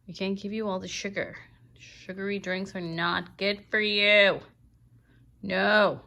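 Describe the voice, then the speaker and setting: A woman's voice: mid-range voice, flat delivery, slow, gravelly, bright, forceful tone. A woman filming her pet bird, scolding it firmly and cooing to it in baby talk while chatting to viewers. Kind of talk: casual vlog talking to a pet and viewers.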